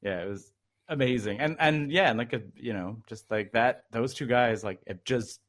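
A man's voice: medium pitch, normal speed, a bit bright. A man telling a long story in casual chat, rambling with lots of fillers.

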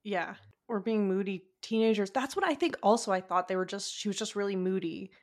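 A woman's voice: mid-range voice, a little fast, darkish tone. Chatty woman guest, hedging and laughing. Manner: hedging, laughs often, restarts while recounting. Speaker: podcast guest. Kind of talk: casual podcast chat.

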